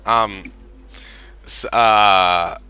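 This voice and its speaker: A man's voice: fairly low pitch, steady tone, drawn-out words, bright, forceful tone, clear, resonant tone. A man, narrating a tabletop game as game master in a rambling way and laughing often.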